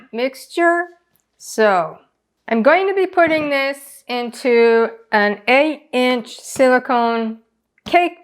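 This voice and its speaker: A woman's voice: a little high, a little hiss or hum. A woman hosting a casual home cooking demonstration, chatting and explaining each step as she works. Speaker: cooking channel host.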